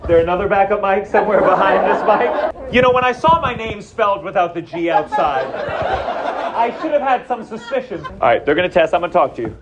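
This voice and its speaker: A man's voice: high-pitched, lively intonation, far from the mic, muffled recording. Sarcastic male comedian teasing a crowd. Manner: quick, teasing, sarcastic banter with swearing. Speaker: stand-up comedian doing crowd work. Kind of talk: stand-up crowd work. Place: comedy club stage. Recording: live in an echoey comedy club, roaring crowd. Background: crowd laughter and noise.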